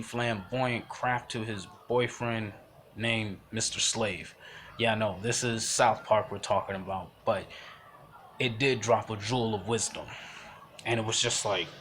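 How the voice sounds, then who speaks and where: A young man talks through his opinions in a loose, emphatic ramble, circling back and restarting his sentences. His tone is bright and forceful, and a faint hiss sits under the recording. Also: lowish voice, fairly even intonation, measured pace. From United States. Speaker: vlogger giving commentary. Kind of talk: casual spoken commentary.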